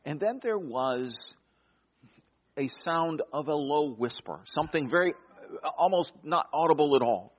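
A man preaching a sermon, swinging between loud, emphatic lines and hushed, quiet ones. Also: on the high side, lively intonation, measured pace, highs cut off.

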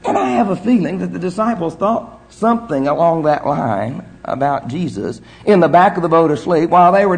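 A man preaching a sermon, telling the story in an earnest way with measured pauses. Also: on the high side, a little mellow.

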